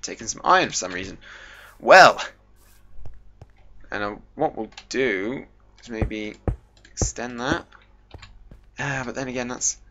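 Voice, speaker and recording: A young man casually commentating his gameplay, goofy and chatty, joking with himself. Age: young adult. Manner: chatty and goofy, jokes to himself, lively pitch jumps. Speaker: gaming YouTuber. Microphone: desk microphone. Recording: dull home mic with faint hiss.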